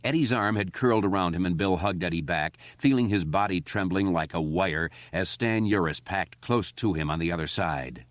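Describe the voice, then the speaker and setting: Low-voiced guy reading an audiobook, very dry, kinda dull sound. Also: moderate pace, few pauses, dry recording. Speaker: audiobook narrator. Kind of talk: audiobook narration.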